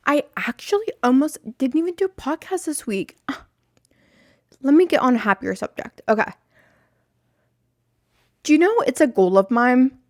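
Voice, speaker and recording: A woman podcast host chats on her own in a meandering, self-deprecating way, regularly slipping into tangents. Her voice is mid-range, recorded dry at studio quality.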